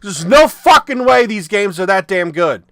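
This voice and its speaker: A man ranting profanely about video games, exasperated and bursting into shouts. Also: sits high, animated, normal speed, no echo. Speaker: video game commentator. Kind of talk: ranting commentary.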